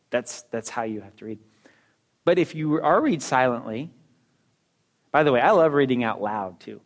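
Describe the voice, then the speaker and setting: A middle-aged man teaching in a casual, conversational way, talking about reading books and speaking straight to his listeners with quick asides and rhetorical questions. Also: mid-range voice. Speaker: teacher discussing a book on reading.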